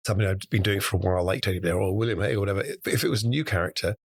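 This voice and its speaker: A British guest impressionist with a low, husky voice recounts stories in a fast-paced, chatty interview, regularly switching into impressions.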